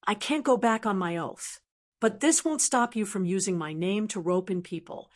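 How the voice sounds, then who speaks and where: A woman voicing a proud, cool young dragon queen in an audiobook, talking flat and matter-of-fact. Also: medium pitch, normal speed, natural voice. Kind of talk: audiobook narration.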